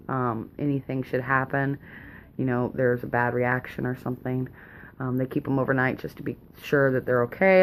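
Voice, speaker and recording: Rambling low-voiced nervous mom. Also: female voice, slight background noise. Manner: rambling, nervous, laughs often. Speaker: vlogger, mother. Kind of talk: casual rambling chat. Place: home, indoors.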